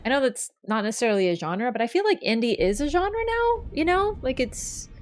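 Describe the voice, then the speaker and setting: A woman's voice: high-pitched, sing-song, fairly quick, faint music behind. A woman streaming a game, chatting casually in a playful, teasing, rambling way. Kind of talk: casual chat while gaming.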